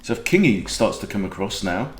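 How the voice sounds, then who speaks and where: A man's voice: on the low side, sing-song, fairly quick, echoey room, a little hiss or hum. A man with a Welsh accent, a chess coach chatting and joking as he thinks aloud through a game. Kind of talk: casual game commentary.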